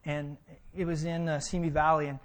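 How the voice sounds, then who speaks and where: A man's voice: on the high side, level tone, normal speed. A man preaching a sermon, emphatic and full of vivid storytelling. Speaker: pastor.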